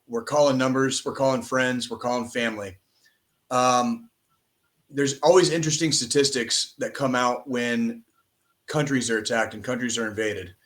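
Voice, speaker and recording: A man from the United States delivers an emphatic podcast monologue at a middle pitch. His talk is heavy with swearing and driven home with constant "okay?" and "all right?" checks. The delivery stays forceful from start to finish. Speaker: podcast host.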